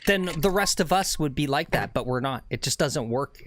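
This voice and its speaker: Guy hosting a golf stream outside, rambly and chatty, average pitch, bit of faint noise behind. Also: expressive, normal speed. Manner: chatty and rambling, keeps adding "right?". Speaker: livestream host on a golf course. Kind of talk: casual live commentary to chat. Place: outdoors on a golf course.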